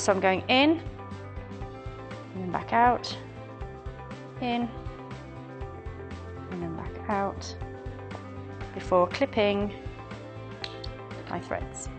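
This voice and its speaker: A woman walks through a hand-stitching technique step by step in a calm, explanatory way. Faint music plays underneath her. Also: mid-range voice. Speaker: sewing demonstrator.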